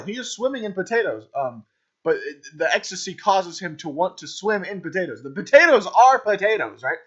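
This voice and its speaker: In a dull, lo-fi recording, a man with a high, breathy voice and wide pitch swings talks briskly. He's coaching an improv troupe, rambling casually over a video of their scene, packing in ums and constantly asking "right?"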